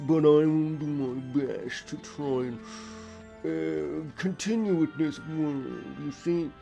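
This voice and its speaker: A plummy old British gentleman of wealth, as a streamer puts him on, speaking slowly, a touch higher than his own voice, and in a mellow, darker tone. Game music plays softly behind him. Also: gravelly. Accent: put-on posh British. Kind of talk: live-stream banter.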